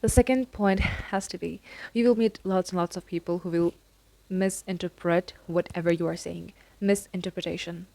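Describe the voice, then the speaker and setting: Young woman vlogging college advice, earnest and repetitive, gravelly low voice, dry sound. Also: fairly even intonation, moderate pace, darkish tone, dry recording. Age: young adult. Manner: earnest, repetitive, addresses listener directly. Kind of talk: casual advice talk to camera.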